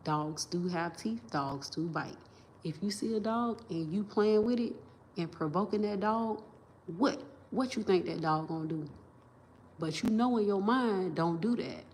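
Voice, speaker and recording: A woman's voice: on the low side, unhurried, a little mellow, a little hiss or hum. A woman on a livestream, talking in a rambling, emphatic and profane way, restarting sentences and repeating herself into a phone camera.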